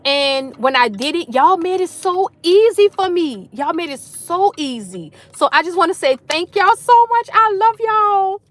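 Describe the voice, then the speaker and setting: High-voiced woman chatting live from her car. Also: lively intonation, measured pace, hardly any pauses, fairly bright tone, dry recording. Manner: effusive, chatty, greets viewers by name. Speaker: livestream host. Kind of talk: casual live chat with viewers. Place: parked car in a school carpool line.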